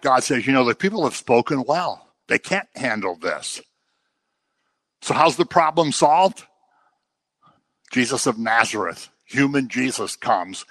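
Male pastor, bright voice, dry sound, playful animated sermon. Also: mid-range voice, breathy edge, dry recording. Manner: jokey, animated preaching with acted-out quotes.

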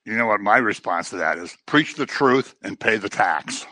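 Lively, bright-voiced male preacher. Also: on the low side, normal speed, dry recording. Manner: conversational, joking asides, animated. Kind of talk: sermon.

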